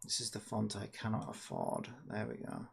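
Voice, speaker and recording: A man's voice: fairly low pitch, huge pitch swings, normal speed, vocal fry, a little hiss or hum. A man chatting sarcastically to himself while developing a game. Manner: rambling, sarcastic, talks to himself. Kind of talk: casual screen-recorded dev vlog.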